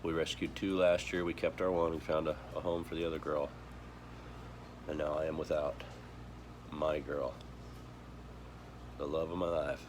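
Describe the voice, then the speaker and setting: A man talking in a grieving personal vlog, heavy and halting, choked up, with many pauses and restarts. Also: rumbling low, little pitch movement, noisy background. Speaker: vlogger.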